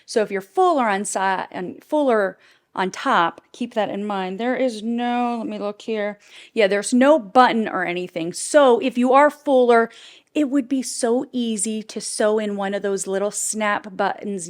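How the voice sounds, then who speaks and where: A woman's voice: mid-range voice, normal speed. A middle-aged woman chatting casually in a clothing try-on video, bubbly and gushing, laughing often, on a clip-on mic indoors. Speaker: fashion vlogger. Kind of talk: casual try-on haul chat.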